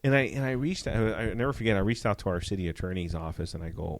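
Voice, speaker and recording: A man, a former police detective, telling profane, animated stories from his career in a casual interview. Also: on the low side, very fast, hardly any pauses, no room sound. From Southern California. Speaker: retired police detective, guest.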